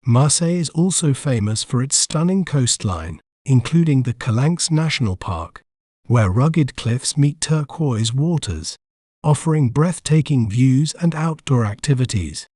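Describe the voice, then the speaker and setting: Male host for a pronunciation tutorial, mid-pitched, scripted and explanatory, dry close read. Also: lively intonation, a little slow, darkish tone, no echo. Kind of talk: scripted educational narration.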